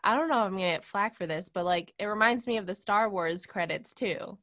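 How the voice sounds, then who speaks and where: A woman with a bright, forceful tone talks through an episode in an easygoing conversation. She laughs often and turns thoughtful when she considers the story's meaning. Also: medium pitch, brisk. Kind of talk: casual chat discussing an episode.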